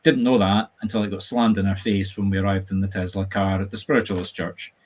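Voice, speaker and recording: A man with a Scottish accent, a medium hosting a casual live-stream chat, talking in a chatty, animated, jokey storytelling way. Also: low voice, fast. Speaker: medium and host. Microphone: video call setup.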